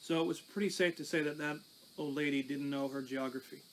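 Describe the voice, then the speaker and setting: A man's voice: fairly high pitch, fairly even intonation, brisk, a little hiss or hum, rough recording. A pastor telling his life testimony in a conversational, storytelling way. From Canada. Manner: conversational, recounting with small restarts.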